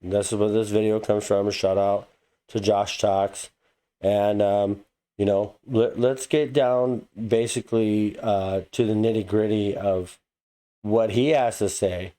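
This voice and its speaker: Rambling American man, mellow low voice. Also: flat delivery, measured pace. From United States. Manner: rambling, repeats words and restarts often. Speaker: reaction video host. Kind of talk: casual commentary.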